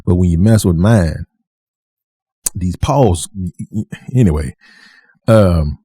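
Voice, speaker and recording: A man tells a personal story straight to the camera in a deep, very dark and mellow voice with a husky edge. He is animated, repeats lines for emphasis and acts out the people in the story. The recording is dry and close. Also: takes it slowly, no echo. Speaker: vlogger.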